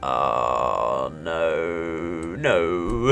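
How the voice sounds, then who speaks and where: A man's voice: mid-range voice, moderate pace, fairly bright tone, faint music behind. Upbeat man commentating gameplay. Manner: polite, upbeat narration of each move, laughing off setbacks. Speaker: let's play host.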